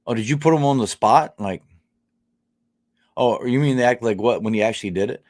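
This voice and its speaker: A livestream host with a brisk, mid-range, darkish male voice chats live with his viewers. He talks bluntly, swearing heavily, with plenty of fillers and restarts. His indignation keeps building until it turns into outright outrage.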